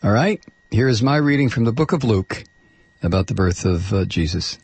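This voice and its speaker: Husky, rambling talk radio host. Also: male voice, fairly low pitch, animated, normal speed, darkish tone. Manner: rambling, many restarts and fillers. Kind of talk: casual call-in radio talk.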